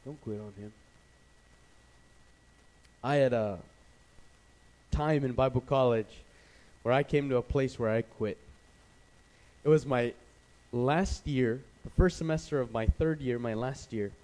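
A man from Canada preaching a sermon as pastor, telling stories with animated energy and acting out the voices of people he quotes. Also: medium pitch, measured pace, long pauses, poor audio.

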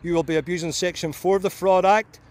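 A man's voice: high voice, steady tone, quick pace. A Northern Irish man in his forties, a driver at a police stop, arguing insistently in formal pseudo-legal phrases, outdoors in the rain. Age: 40s. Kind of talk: argumentative roadside exchange. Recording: loud wind and traffic noise.

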